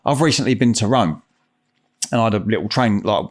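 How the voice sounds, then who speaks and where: A man's voice: on the low side, lively intonation, fairly quick. A man, chatting casually on a podcast as host, swearing freely in laid-back banter. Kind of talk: casual chat.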